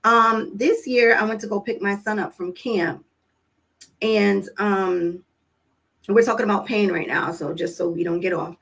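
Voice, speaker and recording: A woman's voice: medium pitch, unhurried, gravelly, a bit bright, poor audio. A woman vlogging to camera about parenting in a casual monologue, telling stories and acting out what people said, with an earnest, coaching tone. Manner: conversational storytelling, acting out quoted dialogue; earnest, coaching tone with direct questions to listeners.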